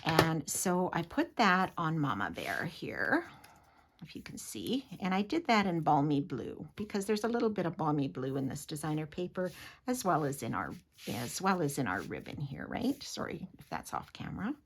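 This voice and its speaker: A woman's voice: sits low, sing-song, moderate pace, husky. A woman giving a chatty, giggly craft tutorial, often dropping to a whisper as she works. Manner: chatty, giggly, drops to a whisper while working. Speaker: papercraft demonstrator.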